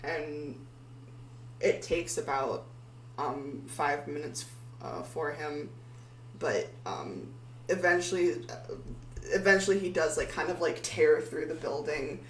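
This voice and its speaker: A woman's voice: deep voice, slow. A woman narrating as game master of a tabletop game, hesitant and full of filler words. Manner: hesitant, full of ums and likes. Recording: echoey room, far from mic, faint hum.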